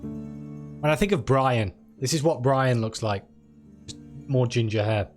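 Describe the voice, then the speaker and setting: A man's voice: mid-range voice, measured pace, over music. A man live-streaming a video game, chatting and reacting aloud and reading the story text.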